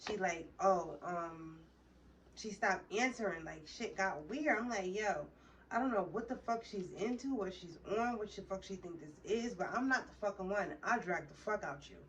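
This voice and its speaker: A woman's voice: medium pitch, moderate pace, far from the mic, a little hiss or hum. A woman vlogger telling a heated, profane story straight to her viewers in a casual storytime.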